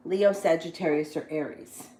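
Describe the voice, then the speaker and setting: A woman's voice: deep voice, normal speed, warm tone, slight background noise, low-quality recording. A woman giving casual live-stream tarot readings, blunt and plain-spoken, swearing freely between cards. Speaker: tarot reader.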